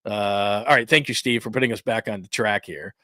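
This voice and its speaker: A man's voice: fairly low pitch, fairly quick, bright, forceful tone, no room sound, studio quality. Rambling sports talk host, man. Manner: rambling, self-interrupting, chatty with viewers. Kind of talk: casual sports talk livestream.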